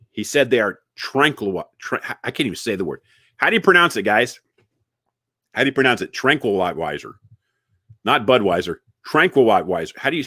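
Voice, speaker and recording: A man giving a casual comedic monologue, jokey and animated, repeating words and chatting with his viewers. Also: mid-range voice, normal speed, no echo, studio quality. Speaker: inspirational online comedian.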